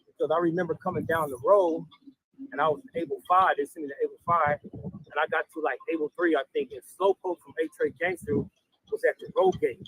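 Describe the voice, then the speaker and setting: A man's voice: high voice, brisk, vocal fry, husky, no room sound, low-quality recording. A man telling a long story about his time in county jail in a casual interview, rambling and acting out the dialogue. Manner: rambling, animated retelling with quoted dialogue.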